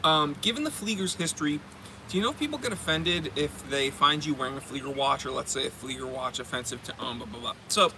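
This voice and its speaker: A man's voice: a little high, lively intonation, quick pace, sharp tone. A man hosting a casual chat, rambling with many fillers and joking around. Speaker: host. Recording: noisy background.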